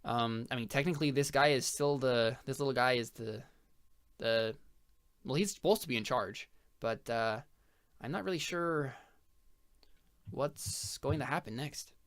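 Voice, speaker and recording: A man's voice: mid-range voice, a little slow, pauses often, a bit bright, clean tone. Brief: man as an earnest young companion, Canadian accent, hesitant, in a tabletop game. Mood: worried. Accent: attempted Canadian. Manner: hesitant, rambling.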